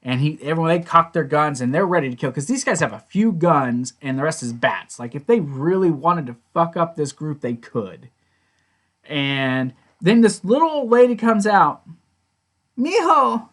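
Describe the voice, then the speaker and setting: A man's voice: a little high, lively intonation, normal speed. A man casually recapping and reviewing a TV episode, rambling along with lots of "you know" and "like".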